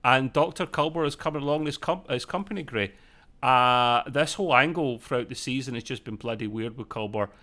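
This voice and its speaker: A man's voice: medium pitch, fairly quick, pushed and bright. A man co-hosting a casual live discussion, rambling and self-correcting with jokey asides. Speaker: podcast co-host.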